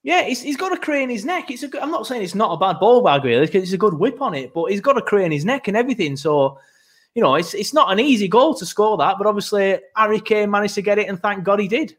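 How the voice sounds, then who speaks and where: A man talking football in a relaxed, hesitant way on a casual podcast. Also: high voice, fast. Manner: laid-back, hesitant, many fillers. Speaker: podcast co-host.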